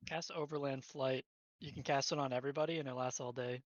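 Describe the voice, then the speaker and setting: A man's voice: mid-range voice, steady tone, fast talker, dry recording, lo-fi sound. A man playing in an online tabletop game, joking and laughing often. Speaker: player. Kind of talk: casual chat at a game table.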